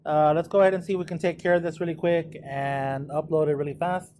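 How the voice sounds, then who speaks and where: A man's voice: a little high, fairly even intonation, fast talker, darkish tone, a little hiss or hum. Casual man walking through math problems. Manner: casual, thinks aloud while working problems. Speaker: math teacher. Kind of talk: recorded exam walkthrough.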